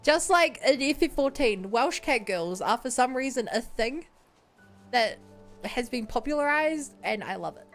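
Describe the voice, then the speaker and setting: A woman's voice: on the high side, unhurried, soft background music. A woman streamer chatting casually with her viewers and a co-player while she plays. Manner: excitable, talks to chat. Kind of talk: casual game-stream chat.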